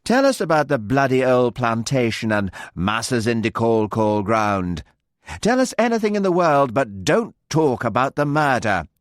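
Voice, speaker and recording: A man voicing a rude, sharp-tongued young woman who speaks harshly and quickly. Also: medium pitch, lively intonation, no room sound, studio quality, voice pushed up, lightly acted. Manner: harsh, fast, needling delivery.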